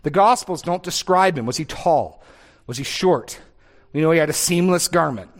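A man's voice: on the high side, animated, moderate pace. A man preaching an expository sermon, emphatic and fond of repeating key phrases and asking rhetorical questions. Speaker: pastor.

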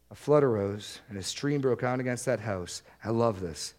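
A man's voice: mid-range voice, expressive, darkish tone. Earnest male preacher stressing each point. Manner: earnest preaching, slows and stresses key words. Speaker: pastor. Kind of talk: sermon.

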